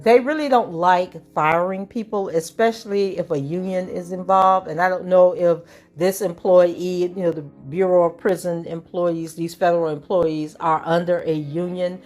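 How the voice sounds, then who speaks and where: Hoarse-voiced woman hosting a commentary vlog. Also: lowish voice, steady tone, normal speed, a little mellow, faint music behind. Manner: conversational, chatty with fillers. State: hoarse from allergies. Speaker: channel host.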